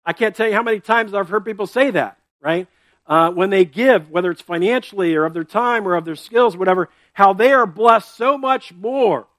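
A high-pitched man delivers a sermon as a pastor, talking to his congregation as if in conversation. He keeps checking in with quick "right?" and "okay?" tags and doubles back over his words as he explains. The sound is dry and close, with no room echo. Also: fairly bright tone. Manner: restarts and repeats words while explaining.

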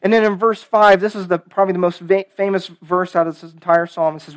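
A man's voice: sits high, steady tone, fairly quick, few pauses, no echo. A man preaching a sermon in a casual, conversational way, full of "kind of" and "right?", who reads scripture aloud with rising emphasis.

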